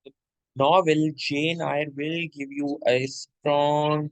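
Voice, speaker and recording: A fairly high-pitched man teaching literature in a patient, repetitive lecture style. He keeps checking in with his listener. The sound is dry and close. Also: little pitch movement, slow pace, clear, resonant tone, no room sound, rough recording. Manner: repeats points, frequent "okay?" check-ins; addresses listener as "my dear". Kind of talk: explanatory lecture.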